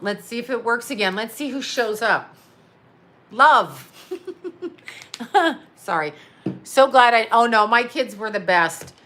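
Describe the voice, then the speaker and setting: A middle-aged woman tells a meandering story on a casual livestream, laughing often and cursing freely. Her voice sits a little high, with a bright, forceful edge. She drifts off topic and reads replies out as she goes. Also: animated, slow, pauses often. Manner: rambling, chatty storytelling with frequent laughs and swearing. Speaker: psychic medium and astrologer. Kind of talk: casual livestream chat reading comments.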